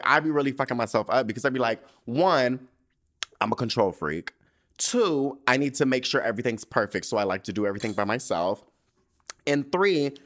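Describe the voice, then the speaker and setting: Alone on his podcast, this host delivers a sassy, profanity-laced monologue packed with slang and laughs, though weariness and stress come through. His voice is medium-pitched and a bit bright.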